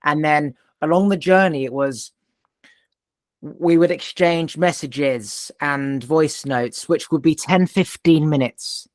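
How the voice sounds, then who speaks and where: A man's voice: a little high, slow, dry recording, clean studio sound. A man hosting a podcast, telling a personal story in an intense, emphatic way and swearing now and then. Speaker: podcast host. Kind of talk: casual conversation.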